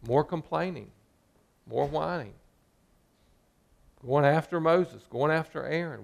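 A man's voice: a little high, unhurried, vocal fry, long pauses. A male pastor preaching a sermon, sometimes acting out the complaints of the people in his story.

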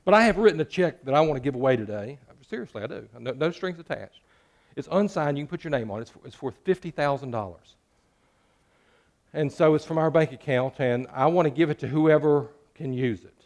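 A man preaching a sermon in a church, joking with the congregation and swinging between loud and hushed. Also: fairly high pitch, expressive, brisk. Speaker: pastor.

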